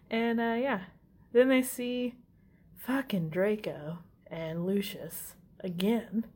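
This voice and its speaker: Slow-talking, giggly woman recapping a movie. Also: mid-range voice, a little mellow. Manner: casual, profane, giggly asides. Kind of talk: casual movie recap chat.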